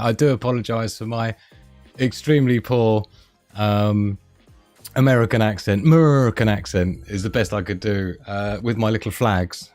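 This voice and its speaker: A man's voice: fairly low pitch, a little mellow. A man hosting a casual live stream, rambling and chatty with frequent laughs.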